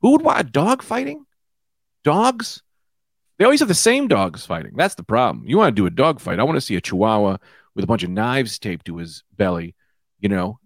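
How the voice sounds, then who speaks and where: A man in his thirties hosting his own comedy podcast, high and rambling loosely from one tangent to the next. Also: no room sound, clean studio sound. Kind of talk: casual comedic monologue. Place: small room with lights out.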